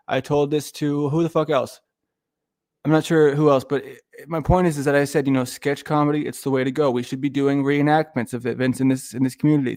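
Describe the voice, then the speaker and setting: With a slightly high, darkish voice, this streamer rambles through loose commentary, cursing often and repeatedly losing his thread and starting over. The sound is studio quality with no echo.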